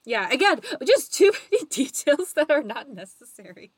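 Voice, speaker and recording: A woman's voice: high-pitched, big pitch swings, normal speed. A woman co-hosting a casual book podcast over a video call, recapping chapters and laughing often. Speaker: podcast co-host.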